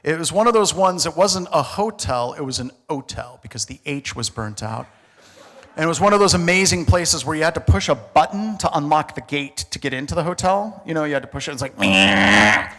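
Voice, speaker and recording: A middle-aged American man telling a comic story on a conference stage, casual and animated, with slang and mild swearing. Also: fairly high pitch, fairly quick. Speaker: conference speaker. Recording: reverberant conference hall.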